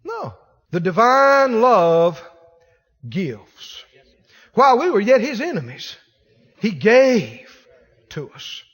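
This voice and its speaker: A man's voice: high voice, big pitch swings, slow, pauses often, a bit bright, long reverb tail. A male pastor preaching a sermon, acting out the voices of the people he quotes.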